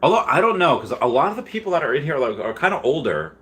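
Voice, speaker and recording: Very animated and quick, a thirty-something man answers chat questions on a casual livestream in a rambling way, full of fillers and restarts. His voice is fairly high-pitched and a bit bright.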